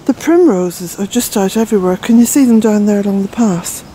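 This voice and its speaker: Older Irish-born woman vlogging in her garden, mellow tone, breathless and chatty, faint outdoor noise behind. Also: medium pitch, brisk, rough recording. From Ireland. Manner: rambling, chatty, with fillers. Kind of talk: casual walk-and-talk narration.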